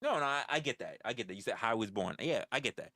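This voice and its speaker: A man's voice: medium pitch, expressive, fast, sharp tone, no echo, studio quality. A man hosting a livestream in casual chat with viewers, blunt and profane, often stammering and restarting his phrases. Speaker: livestream host.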